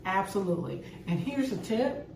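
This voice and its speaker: A woman's voice: medium pitch, very animated, normal speed, a little mellow. An older woman and grandmother, co-hosting a casual chat and giving upbeat parenting tips. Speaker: co-host. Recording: echoey room with faint noise.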